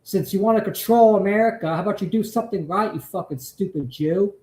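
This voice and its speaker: A man's voice: sits high, quick pace, darkish tone. Brief: profane male stream host, casual rants, roomy echo. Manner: profane, ranting. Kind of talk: casual live stream chat. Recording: echoey room.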